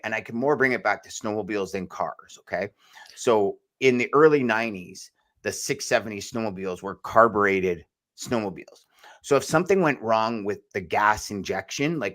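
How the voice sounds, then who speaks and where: A man's voice: fairly low pitch, fairly bright tone. A man co-hosting a podcast, talking in a loose, rambling way and calling his co-host "brother". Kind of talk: casual podcast chat.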